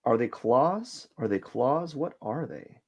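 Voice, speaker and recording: A man with a mid-range, darkish voice speaks slowly but very animatedly while hosting a drawing livestream. Thinking aloud as he sketches, he rambles, hesitates and questions himself, and plays down his own work in casual commentary.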